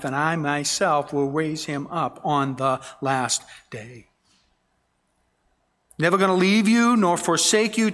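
A man preaches a sermon with earnest emphasis, reading verses aloud and dwelling on key words. His voice sits somewhat high for a man. It rings out with a long reverb through a church sanctuary. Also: a bit bright. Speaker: pastor. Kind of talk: expository sermon.

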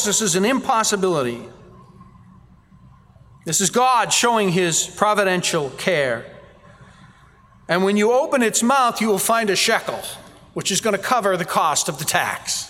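Animated preacher in a reverberant hall. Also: male voice, sits high, measured pace. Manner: animated storytelling, acting out quoted voices. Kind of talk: sermon.

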